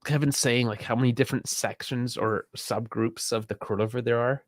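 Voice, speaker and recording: A man's voice: mid-range voice, fairly even intonation, brisk, no echo. A man co-hosting a livestream podcast, chatting casually, explaining things with dry asides and chuckles. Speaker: podcast co-host.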